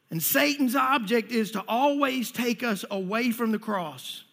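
High-voiced pastor preaching in an echoey hall. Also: male voice, unhurried, gravelly, few pauses, a bit bright. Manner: conversational, repeats words, asks the congregation questions. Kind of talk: sermon.

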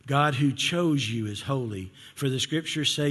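The voice of an older man preaching a lively sermon. It sits fairly high for a man and is carried by a long hall reverb. He switches into the voices of the people he quotes and calls on the room to respond. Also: normal speed, hardly any pauses. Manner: animated, acts out quoted voices, asks for responses. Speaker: pastor. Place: church sanctuary.

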